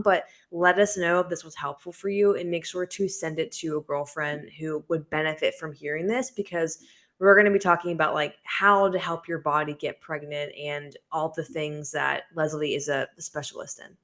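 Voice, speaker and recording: A woman with a low voice co-hosts a relaxed health podcast. She chats loosely, with many ums and likes. She laughs easily. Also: normal speed. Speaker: podcast co-host, women's health and fitness coach. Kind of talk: casual podcast chat.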